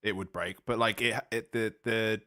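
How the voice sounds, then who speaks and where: Lowish bright-voiced guy on a podcast, dry wry jokes, swingy intonation. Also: steady tone, normal speed, no room sound. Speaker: podcast co-host. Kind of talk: casual chat. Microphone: podcast mic.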